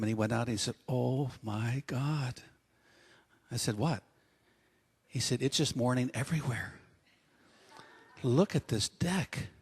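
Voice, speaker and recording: A man's voice: mid-range voice, darkish tone. A man preaching a sermon as pastor, telling humorous stories with acted asides.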